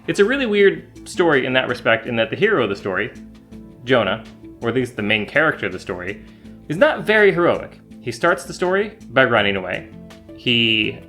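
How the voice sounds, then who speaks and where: Playful man telling a kids' Bible story. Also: fairly high pitch. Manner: playful, animated storytelling with silly voices. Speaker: children's ministry teacher.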